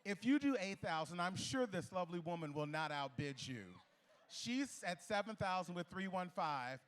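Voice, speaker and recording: A man calling bids at a charity gala auction, playful and teasing with bidders, repeating the bids in quick patter. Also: high-pitched, expressive, a bit bright. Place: gala ballroom.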